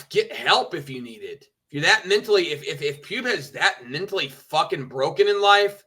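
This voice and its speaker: A man's voice: a little high, bright, forceful tone, slightly rough. A man streaming, ranting with petty indignation, swearing and mocking others. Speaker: streamer reacting to clips. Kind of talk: ranting commentary.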